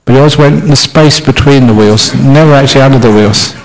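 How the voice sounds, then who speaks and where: Playful storytelling monk, mid pitch. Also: male voice, fast talker, low-quality recording. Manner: playful storytelling, self-mocking humour. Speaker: Buddhist monk teacher. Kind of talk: humorous dharma talk.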